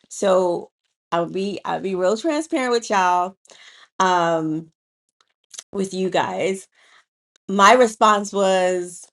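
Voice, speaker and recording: A woman in her thirties, co-hosting a casual talk about parenting, chatty and animated, with frequent laughs and slangy asides. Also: fairly low pitch, vocal fry. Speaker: podcast co-host, parent. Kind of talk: casual conversation.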